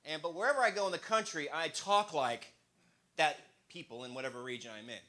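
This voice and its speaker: A man from the American Midwest doing stand-up comedy, playfully jumping into loud, goofy voices. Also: a little high, brisk.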